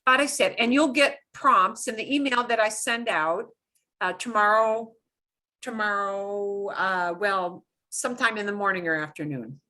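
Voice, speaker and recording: A woman's voice: medium pitch, unhurried, sharp tone. A middle-aged woman teaching a Spanish class, explaining grammar step by step in a chatty way with fillers and asides.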